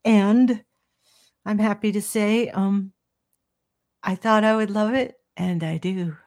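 An older woman, a professor and interview guest, explaining ideas in a measured, teacherly way. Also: mid-range voice, fairly even intonation, darkish tone, dry recording, clean studio sound.

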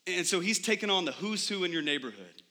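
A man's voice: sits high, big pitch swings, fast, pushed and bright. A young adult man preaching a sermon in church, conversational, with frequent rhetorical questions to the congregation. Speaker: pastor.

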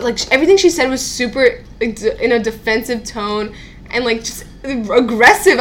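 A young woman with a high voice tells an animated story, swearing freely and laughing between lines. She speaks in a relaxed, casual chat with a friend, with a faint hiss underneath. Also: a little fast. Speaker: podcast co-host.

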